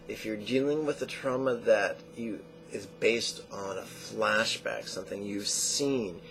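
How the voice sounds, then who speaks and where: Slow-spoken gravelly male meditation teacher. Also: on the low side, slight background noise, low-quality recording. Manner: slow, measured teaching with repeated phrases. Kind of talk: guided meditation lesson.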